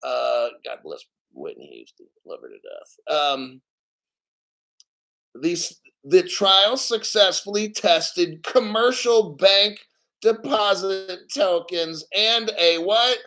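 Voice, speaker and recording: A man's voice: high-pitched, very animated, slow pace, creaky, bright, forceful tone, low-quality recording. A man hosting a crypto channel, reading an article aloud with boastful, profane commentary, laughing and getting emotional. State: emotional, near tears.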